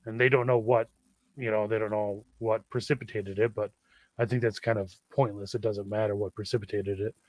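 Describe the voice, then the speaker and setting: A man's voice: fairly low pitch, level tone, fairly quick, darkish tone, no echo. A man co-hosting a podcast in casual chat, giving short replies and plainly explaining a story. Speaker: podcast co-host.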